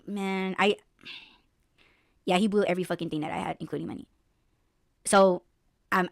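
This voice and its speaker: A podcast host with a lowish voice, recorded in clean studio quality with no room sound, tells a story in casual chat. She's blunt and profane, animated throughout, and puts on mock voices as she goes.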